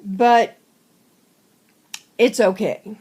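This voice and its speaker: Woman vlogger, short of breath, unhurried halting home update, mid-pitched. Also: fairly even intonation, dark tone, breathy edge. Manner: slow, halting, many fillers. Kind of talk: casual personal update.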